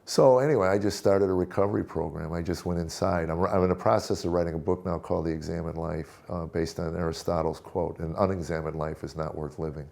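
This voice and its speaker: A very low, heavily gravelly male voice. He is a middle-aged guest recounting his life story in conversation. He pauses, restarts and repeats words in a reflective way. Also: fairly even intonation, darkish tone.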